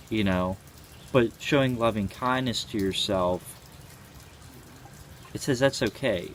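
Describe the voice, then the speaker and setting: A young man in his twenties talks through his thoughts in a somewhat low voice. He sounds earnest and often pauses or hesitates as he works out what he wants to say. A faint hiss of background noise sits under the recording. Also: a bit bright. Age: 20s. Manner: earnest, thinking aloud with frequent hesitations. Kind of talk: reflective personal monologue.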